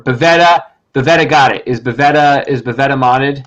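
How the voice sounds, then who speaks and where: A man's voice: medium pitch, normal speed, fairly bright tone. A man hosting a loose, casual livestream. He rambles and jokes with plenty of swearing. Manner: rambling, profane, jokey. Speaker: podcast host.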